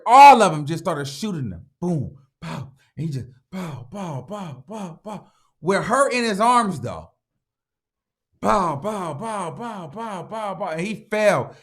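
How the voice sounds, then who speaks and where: A man's voice: on the high side, fairly bright tone. A man hosting his channel and recapping a movie in a slangy, dramatic way, repeating lines for emphasis and acting out sound effects. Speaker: movie reviewer and channel host.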